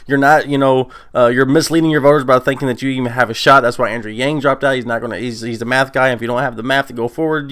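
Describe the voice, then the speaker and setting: A man hosting his own channel, chatting casually and excitedly, rambling and laughing often. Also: mid-range voice. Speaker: commentary channel host. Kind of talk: casual vlog chat.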